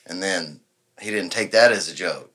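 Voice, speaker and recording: Podcast guest: man in his thirties, low bright voice, rambling anecdotes with acted-out quotes. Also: moderate pace, slightly rough. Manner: rambling, acts out quoted dialogue, laughs often. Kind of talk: casual storytelling.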